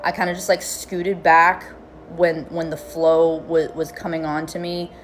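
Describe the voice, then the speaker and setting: A woman's voice: low-pitched, measured pace, soft background music. A young woman casually telling a comic personal story to camera in a blunt, candid way. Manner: candid, blunt, lively retelling with swearing.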